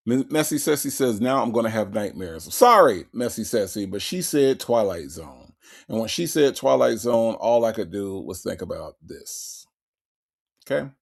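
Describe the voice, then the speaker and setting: A man's voice: medium pitch, vocal fry. A man hosting a casual live stream, reading viewer chat and commenting bluntly with coarse language and frequent laughter. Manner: animated, blunt, profane, laughs often. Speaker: livestream host.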